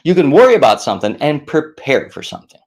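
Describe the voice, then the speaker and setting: Speaking fast, a middle-aged man offers casual stress-management tips to camera. He's animated and self-mocking, switching to a higher pitch to act out worried voices.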